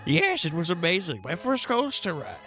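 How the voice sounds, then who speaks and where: Guy doing a high squeaky little spade prince, silly, bright voice, slow and swoopy. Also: huge pitch swings, faint music behind, exaggerated voice. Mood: goofy cheerful. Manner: sing-song, swooping and silly. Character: goofy boastful young male spade prince.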